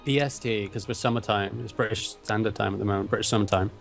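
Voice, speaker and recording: A man's voice: lowish voice, fairly even intonation, fast talker, vocal fry, soft background music. A Welsh man co-hosting in a casual chat, dry and teasing. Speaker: co-host of a game league channel.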